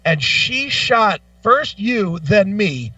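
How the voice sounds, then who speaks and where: Animated, profane man on a talk show. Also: sits high, drawn-out words, dry recording, distant mic, muffled recording, faint music behind. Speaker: radio show co-host. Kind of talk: casual chat. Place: radio studio.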